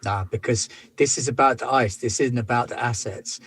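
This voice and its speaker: A man in a tabletop role-play, speaking in character as a gruff space hauler full of slang. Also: medium pitch, moderate pace, fairly bright tone. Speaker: player.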